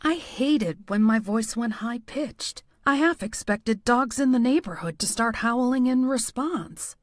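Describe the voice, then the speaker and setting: Woman, audiobook narration, first person, wry and expressive, fairly high voice. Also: unhurried, no room sound, studio quality.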